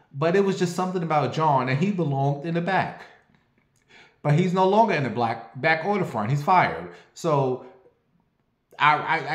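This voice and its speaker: An online commentator, a man with a fairly high voice, rants in a casual video recorded with reverb. His gossip is sassy, brash, profane and animated.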